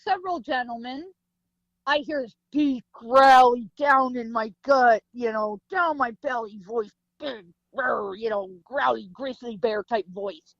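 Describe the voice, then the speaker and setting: A woman's voice: fairly high pitch, a little slow, dry recording, muffled recording. A woman guest, a psychic medium, telling a story vividly in an interview, acting out sounds and voices. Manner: vivid storytelling with sound effects and acted quotes.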